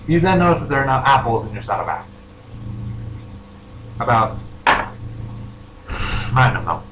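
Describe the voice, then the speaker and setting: A young man narrating a tabletop role-play as game master, halting with ums and restarts. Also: mid-range voice, very animated. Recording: roomy room, clear background noise.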